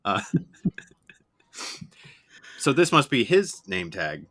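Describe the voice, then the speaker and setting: A man improvises his character at the gaming table, stumbling through fillers and restarts. His tone is bright and forward. His delivery stays hesitant and rambling, as if he is feeling his way through each line. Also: mid-range voice, very animated, very slow. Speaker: player. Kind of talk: in-character improv role-play.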